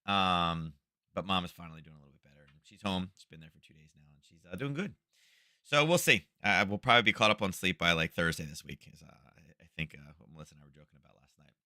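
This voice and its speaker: A middle-aged man with a deep yet bright, cutting voice talks through the day's market moves in loose, rambling live commentary. He fills gaps with ums and restarts his sentences as he goes. The sound is close and completely dry, recorded at home. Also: lively intonation, fast, no echo. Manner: rambling, chatty, many fillers and restarts. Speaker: trading show host.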